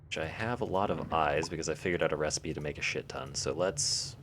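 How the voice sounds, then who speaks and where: A man's voice: very deep voice, fairly quick, background noise. A man live-streaming a game, joking and thinking aloud as he answers chat. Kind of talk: casual live-stream chat while playing.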